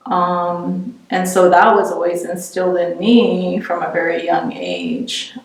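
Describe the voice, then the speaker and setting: Soft-spoken woman recorded from afar. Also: lowish voice, expressive. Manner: reflective, halting, with frequent restarts. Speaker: interviewee. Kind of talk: oral history interview. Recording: roomy, distant mic.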